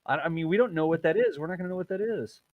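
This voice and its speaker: A man's voice: a little high, very fast, no room sound, narrow, tinny audio. A man hosting a casual livestream, reading viewer messages aloud with lots of laughter. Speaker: livestream host.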